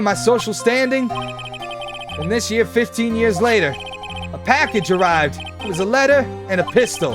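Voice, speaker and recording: Bitter old country-accented ex-bailiff with a grim drawl, put on by a male streamer, high and swooping, over game music.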